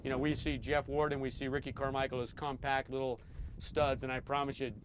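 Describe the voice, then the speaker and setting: A middle-aged former motorcycle racer telling stories in a relaxed, rambling way, often repeating his first words. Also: mid-range voice, a little fast, noisy background. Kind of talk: casual storytelling interview.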